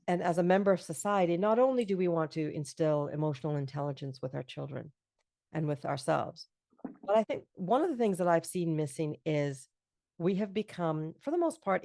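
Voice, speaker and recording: A woman's voice: on the low side, expressive, moderate pace, mellow, no echo, studio quality. A middle-aged woman hosting an interview podcast, talking earnestly and affirmingly in long reflective runs. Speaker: podcast host. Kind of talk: casual interview chat.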